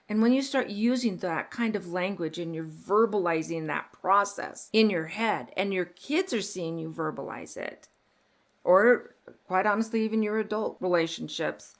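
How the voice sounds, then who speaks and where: A middle-aged woman hosting a parenting podcast, talking earnestly and getting animated when she tells stories. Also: fairly low pitch. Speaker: podcast host. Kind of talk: casual parenting podcast chat.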